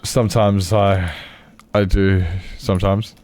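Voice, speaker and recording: A man's voice: deep voice, little pitch movement, slow pace, darkish tone. An Australian man streaming a game, chatting casually and rambling in a self-mocking way with his viewers. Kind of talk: casual live-stream chat while playing.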